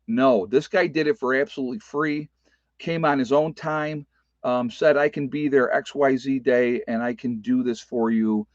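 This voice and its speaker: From his rural off-grid homestead, a prepper vlogger chats casually with viewers and reads their live comments, speaking in a folksy, emphatic way with lots of repetition and fillers. His voice is mid-range at a moderate pace, and the lo-fi recording has no echo.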